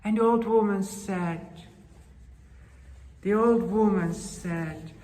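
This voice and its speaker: A woman telling a folktale to children, dramatic and slow, with gasps and hushed asides. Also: medium pitch. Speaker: storyteller. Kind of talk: children's storytelling. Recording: roomy hall with long reverb.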